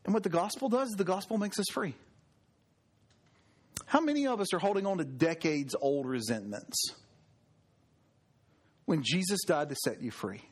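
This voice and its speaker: A man's voice: lively intonation, moderate pace, pauses often. A man, a pastor giving a sermon in a conversational storytelling way, with a fall at the end of his phrases. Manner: conversational storytelling preaching, drops pitch at ends.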